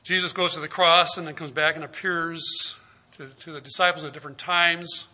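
A man's voice: on the high side, fairly even intonation, moderate pace, bright, forceful tone. A man preaching a sermon, retelling scripture stories and acting out their dialogue, with questions to the listeners. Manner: asks the listeners direct questions.

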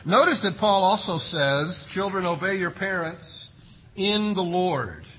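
A man's voice: sits high, animated, unhurried, slightly rough, highs cut off. A man preaching a sermon as pastor, emphatic and full of rhetorical questions. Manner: emphatic, rhetorical questions, acts out parents' sayings.

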